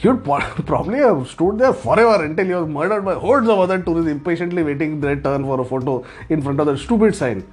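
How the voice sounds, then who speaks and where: A man's voice: a little high, lively intonation, fast talker, hardly any pauses, husky, soft background music. A man narrating a travel story in a sardonic, profane, humorous way. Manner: sardonic, profane, laughs as he talks.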